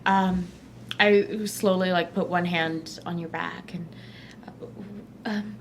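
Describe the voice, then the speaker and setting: A woman playing her character in a tabletop game, talking in a halting, hesitant way. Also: lowish voice, steady tone, noisy background. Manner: hesitant, halting, many fillers. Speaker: player.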